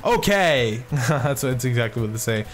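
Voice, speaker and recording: A man giving casual commentary while playing a game, excitable, swearing freely and full of filler words. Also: medium pitch, fairly quick. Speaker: let's play gamer.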